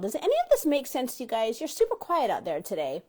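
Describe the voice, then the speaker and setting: A woman's voice: high voice, fast, hardly any pauses. A woman hosting a motivational self-help talk show, teaching an audience and often asking them questions directly. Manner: animated, addresses listeners directly with questions; acts out quoted dialogue in varied voices.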